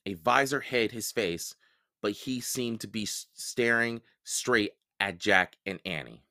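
A man reading a children's book aloud for a podcast, expressive and unhurried. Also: lowish voice. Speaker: podcast storyteller.

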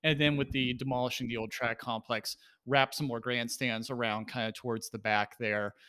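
A man co-hosting a podcast, chatting loosely with lots of filler words and quick laughs. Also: mid-range voice, flat delivery, bright, forceful tone, clear, resonant tone. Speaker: podcast co-host. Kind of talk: casual chat.

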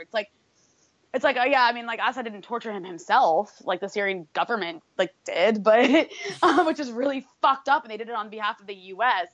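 A woman's voice: fairly high pitch, a bit bright, no room sound, dull audio. A woman co-hosting a political talk show, ranting in an exasperated, profane way, full of fillers and restarts. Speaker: political commentary co-host.

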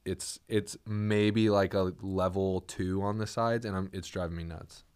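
A laid-back young man co-hosting a podcast, his voice low and smooth. He chats casually, leaning on "dude" and "like" as he rambles through his stories. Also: steady tone, a little slow, a little mellow. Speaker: podcast co-host. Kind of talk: casual chat. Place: podcast studio.

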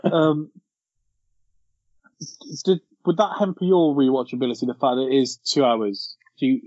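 Husky-voiced man hosting a casual film chat. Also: medium pitch, animated, normal speed, darkish tone, no echo, muffled recording. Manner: laughs often, leads the categories. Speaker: podcast host.

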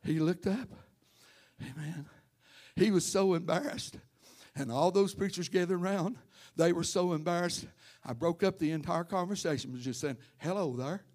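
Male pastor, sermon, higher voice, storytelling, calls on congregation by name, fervent preaching. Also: normal speed, a little mellow. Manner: addresses congregation members by name. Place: church.

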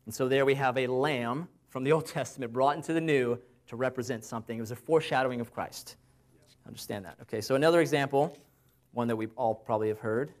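Man preaching a casual, conversational sermon. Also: medium pitch. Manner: casual, asks the listeners rhetorical questions; slows down to cite Bible verses.

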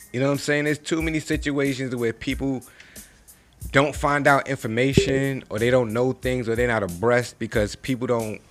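Animated man ranting in street slang. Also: medium pitch. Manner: animated, preachy, street slang, rhetorical questions. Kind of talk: casual motivational rant to camera.

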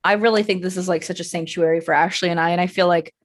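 A woman's voice: fairly low pitch, fast. Candid, profane young woman podcaster. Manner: candid, profane, animated storytelling. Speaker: podcast co-host. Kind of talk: casual chat.

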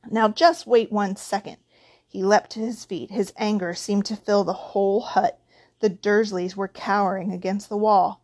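A woman narrating a children's novel in a lively, expressive reading style. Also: medium pitch, moderate pace. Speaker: audiobook narrator.

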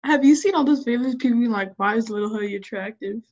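A teenage girl from the Midwest talks in a blunt, sassy way. Her voice sits fairly high, with quick laughs throughout, and the recording sounds a little dull and lo-fi. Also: a little mellow. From Midwestern United States. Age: teens. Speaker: co-host. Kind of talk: casual chat.

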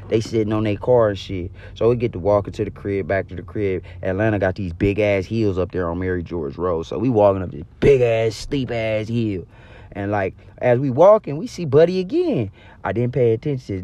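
A man's voice: mid-range voice, brisk, darkish tone, no room sound, highs cut off. A young man telling a personal story to the camera, casual, slangy and full of profanity. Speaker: storyteller vlogger.

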